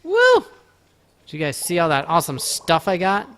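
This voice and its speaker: A man streaming a farming game, chatting casually and playfully, teasing his viewers and breaking into excited outbursts. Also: on the high side, quick pace, clear, resonant tone. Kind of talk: casual live-stream chat. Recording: faint music behind.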